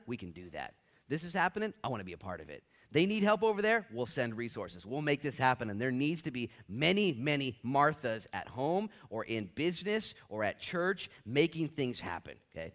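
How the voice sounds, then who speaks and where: A man preaching a sermon in a church, animated and joking, acting out short voices. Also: lowish voice. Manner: animated, jokey, acts out voices in bursts. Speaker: pastor.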